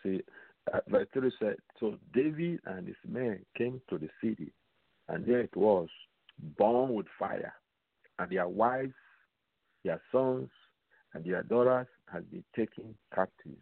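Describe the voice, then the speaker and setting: Slow gravelly preacher man on a phone line. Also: lowish voice, expressive, no echo. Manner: slow, repetitive, asks the audience rhetorical questions. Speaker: radio preacher. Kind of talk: radio Bible teaching. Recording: tinny phone-line sound, dry.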